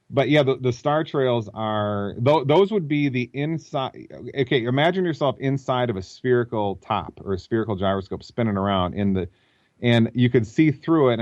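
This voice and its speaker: Male guest with a low voice on a dry, lo-fi call line, explaining ideas as he thinks them through. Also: darkish tone, no echo. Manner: thinks aloud, explaining at length. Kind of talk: explanatory interview talk over a call. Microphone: computer mic.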